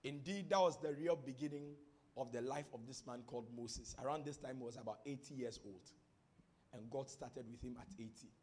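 A man's voice: medium pitch, brisk. A Ghanaian man preaching a sermon as pastor, teaching from scripture and building up to fervent declarations. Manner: builds from quiet teaching to shouted prophetic declarations.

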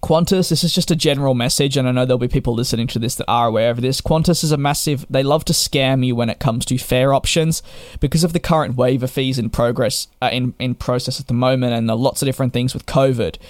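A man's voice: mid-range voice, steady tone, quick pace, dry recording, studio quality. A young man telling an exasperated story as a travel vlogger, speaking emphatically. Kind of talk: casual monologue to camera.

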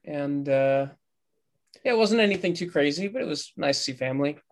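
A man with a fairly high voice co-hosts a casual podcast. He talks in a relaxed, rambling way, with plenty of filler sounds between his thoughts. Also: fairly quick. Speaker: podcast co-host.

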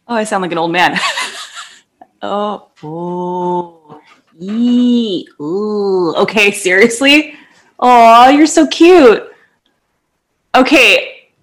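A woman's voice: a little high, slow, long pauses. Giggly chatty woman co-hosting a podcast. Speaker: podcast co-host. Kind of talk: casual chat. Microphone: podcast studio microphone.

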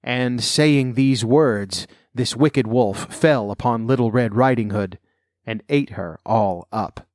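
A man reads an old fairy tale aloud at a measured, steady pace. His voice sits in a middle pitch. The recording is close and dry, with no room echo. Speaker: narrator.

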